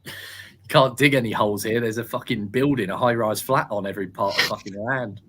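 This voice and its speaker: A man's voice: on the low side, brisk, a bit bright, husky. A man in his twenties from England, chatting casually in a blunt, sweary way and laughing often. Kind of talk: casual chat.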